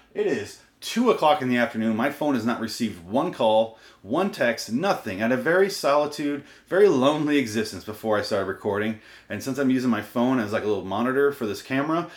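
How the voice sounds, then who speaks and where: A man rants at his camera in a solo vlog, swearing freely and sounding fed up. His voice sits at an ordinary pitch for a man. The room adds a noticeable echo. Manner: profane, exasperated ranting. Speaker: vlogger. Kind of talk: ranting solo video. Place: room recorded on camera and portable recorder.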